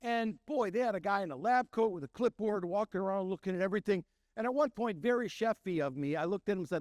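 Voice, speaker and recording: Middle-aged chef, lively storyteller who acts out quotes; high-pitched voice, dry recording. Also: male voice, quick pace, no echo. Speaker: chef and restaurant owner. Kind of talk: storytelling talk.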